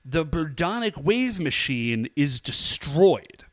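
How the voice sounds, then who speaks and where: A man co-hosts a podcast and recaps an episode in casual chat. His voice sits a bit high and moves all over the place. The sound is close and dry, with no room in it. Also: big pitch swings, takes it slowly, no room sound. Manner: chatty, laughing, acting out lines in quotes. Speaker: podcast co-host.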